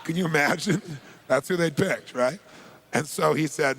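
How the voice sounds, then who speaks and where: Male motivational speaker: gravelly, slightly high voice, punchy storytelling delivery. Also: normal speed. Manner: emphatic, rising to shouts on key points. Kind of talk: energetic storytelling talk.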